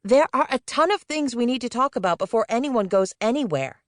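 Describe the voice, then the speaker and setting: A woman voicing a bossy young female employee who shouts and panics in a shrill, insistent way. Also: animated, fairly quick, dry recording, clean studio sound, lightly acted. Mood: furious.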